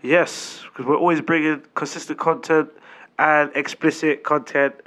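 A man's voice: fairly high pitch, level tone, moderate pace, a bit bright. A young man co-hosting a podcast, repeating lines in hype-man banter. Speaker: podcast co-host. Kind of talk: casual chat.

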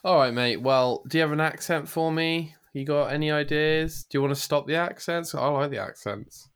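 A man's voice: a little high, moderate pace, a bit bright, smooth. A man co-hosting a podcast in upbeat, chatty conversation. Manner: upbeat, chatty, says "mate" often. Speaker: podcast co-host. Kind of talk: casual chat.

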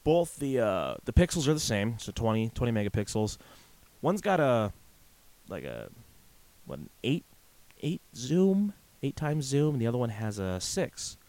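A man talks alone into a desk microphone, telling a story casually and wandering through it with "uh" after "uh" and frequent restarts. His pitch swings widely as he goes. The sound is dry and close. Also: sing-song, moderate pace, darkish tone, no room sound. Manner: rambling, with frequent "uh" fillers and restarts. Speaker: podcast host.

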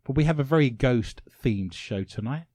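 Radio host, English man, lively playful delivery, dry studio sound. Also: medium pitch, moderate pace, no room sound. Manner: playful, rhyming wordplay, laughs often. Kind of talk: casual radio chat. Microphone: studio microphone.

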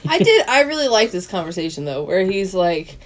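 A woman co-hosting a movie podcast, giving relaxed, thoughtful comments and quoting lines from the film. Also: mid-range voice, fairly quick. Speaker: podcast co-host. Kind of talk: casual movie discussion.

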